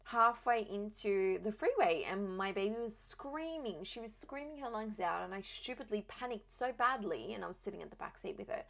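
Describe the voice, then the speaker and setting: A woman's voice: medium pitch, expressive, normal speed, creaky, few pauses, a bit bright. A young adult woman, a new mother, telling her own story in a candid, chatty way with lots of "like" fillers. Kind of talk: casual personal storytelling.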